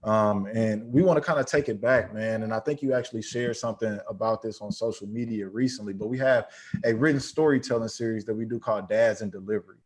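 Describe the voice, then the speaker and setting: Fast-talking male podcast host. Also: lowish voice. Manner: relaxed, friendly questions with frequent "man". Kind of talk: casual interview.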